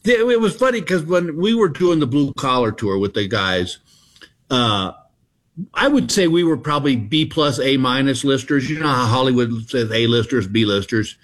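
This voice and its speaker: A man's voice: medium pitch, animated, moderate pace. A man, a comedian guest telling rambling, self-mocking stories in a casual interview. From Texas. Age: 60s. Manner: laid-back, self-mocking, rambling anecdotes.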